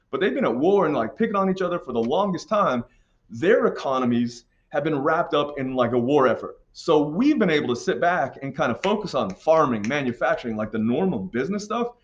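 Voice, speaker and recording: A man's voice: fairly high pitch, lo-fi sound. A man teaching a history lesson in a casual, joking way, walking students through an assignment. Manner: casual, joking, puts on silly accents for countries. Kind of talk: classroom lesson walkthrough.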